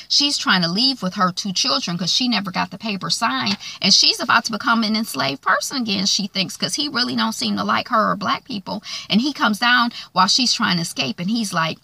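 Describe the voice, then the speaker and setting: A woman casually recapping a TV drama, retelling scenes with animated quoted lines. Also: medium pitch, creaky, slightly rough, dry recording. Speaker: show recapper.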